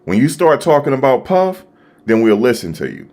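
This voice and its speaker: A man hosting a live stream, talking casually and excitedly to his viewers, repeating himself as he reacts. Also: mid-range voice, normal speed. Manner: animated, repetitive, talking to chat viewers. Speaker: livestream host. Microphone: desktop USB microphone.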